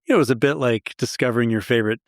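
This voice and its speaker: A male historian from Long Island tells stories conversationally as a guest, racing along in a medium-pitched voice. He's self-deprecating and enthusiastic, recorded with studio quality and no room sound.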